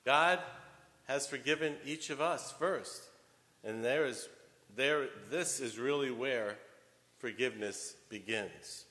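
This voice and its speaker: Slow-speaking male homilist, church echo. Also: medium pitch. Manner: storytelling, deliberate, with wide swings in loudness. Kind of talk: sermon. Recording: long church reverb.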